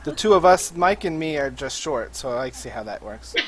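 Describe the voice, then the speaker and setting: Jokey man with a lively, swinging voice. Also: on the high side, heavy background noise. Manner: jokey, quick one-liners. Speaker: player. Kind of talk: casual chat between tabletop players. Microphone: computer mic on a voice call.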